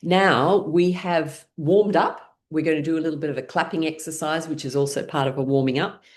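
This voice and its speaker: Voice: medium pitch, fairly even intonation, fairly quick. A middle-aged laughter class instructor leading an online group session, playful and laughing often as they count and chant along. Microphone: video call.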